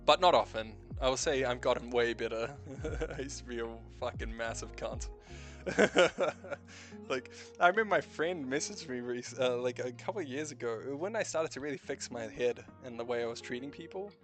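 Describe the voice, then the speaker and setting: A man's voice: medium pitch, lively intonation, normal speed, a bit bright, faint music behind. A man from New Zealand with a light New Zealand accent, a streamer chatting casually in a rambling, self-correcting way with frequent swearing. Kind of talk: casual chat.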